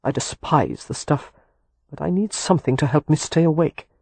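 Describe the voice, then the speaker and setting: A weary, protective husband with a husky, slightly high voice, as a male reader plays him. He speaks earnestly with a wry edge, close and dry on the mic. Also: lively intonation, moderate pace, darkish tone, no room sound, full character voice.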